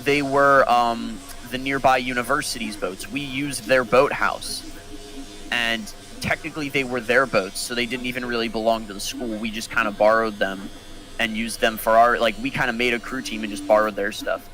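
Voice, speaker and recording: A young man, a podcast co-host, telling a story in casual chat and acting out the quotes with big jumps in pitch. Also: fairly even intonation, normal speed, sharp tone, faint music behind, rough recording.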